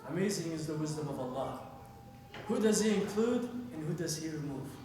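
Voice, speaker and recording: A man voicing a stern old male sheikh who speaks slowly and quietly. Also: a little high, animated, pitched below the performer's own voice, natural voice. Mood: solemn. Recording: echoey hall, heard from far off.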